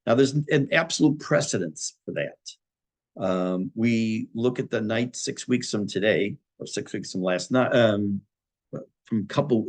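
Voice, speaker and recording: A middle-aged man, a rabbi giving a Torah class, talking thoughtfully many pauses and restarts. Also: on the low side, a little mellow.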